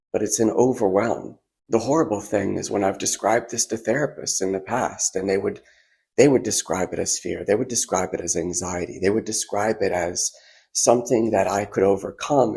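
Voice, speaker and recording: A man with a very low, gravelly voice talks through a casual monologue. His tone is husky and a little rough. He stops and restarts his sentences often, and there's an emotional edge to it. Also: darkish tone. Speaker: vlogger. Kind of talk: casual monologue while drawing.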